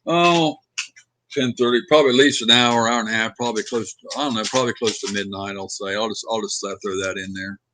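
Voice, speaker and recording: A man hosting a casual livestream from home, rambling and reading viewer comments out loud with lots of hesitant fillers. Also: on the low side, fast. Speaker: livestream host. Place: at home with his dog.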